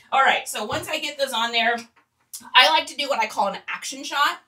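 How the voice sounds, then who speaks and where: A chatty, giggly woman leads a casual livestream tutorial and talks straight to her viewers. Her voice is high and bright. She sits a little back from the microphone. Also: distant mic. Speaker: online reseller teaching on a livestream.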